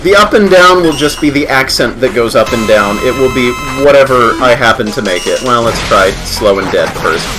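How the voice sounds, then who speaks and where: A man's voice: medium pitch, lively intonation, normal speed, hardly any pauses, music in the background. A man giving playful, self-deprecating commentary on a game livestream. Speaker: streamer.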